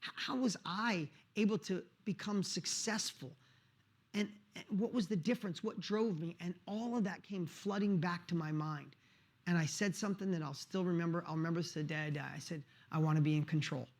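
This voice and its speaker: Earnest high-voiced man telling his story. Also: brisk. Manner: earnest, repeats words, emphatic. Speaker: motivational speaker. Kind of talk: emotional personal storytelling.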